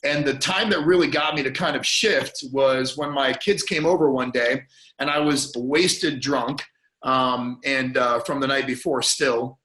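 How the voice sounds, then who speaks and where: A man, a podcast guest, telling an emotional personal story in an earnest, halting way, often restarting and repeating words, and choking up at moments. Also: medium pitch, sharp tone, reverberant, rough recording. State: choked up at moments.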